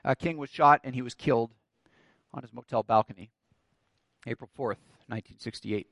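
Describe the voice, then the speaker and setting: A man's voice: mid-range voice, moderate pace, creaky, fairly bright tone, no room sound. A man preaching a sermon, telling a story and building to emphatic declarations. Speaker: pastor.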